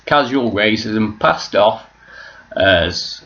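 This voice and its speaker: A man's voice: on the low side, expressive, normal speed, gravelly, fairly bright tone, lo-fi sound. A man rambling through a sweary vlog monologue and losing his train of thought. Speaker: vlogger.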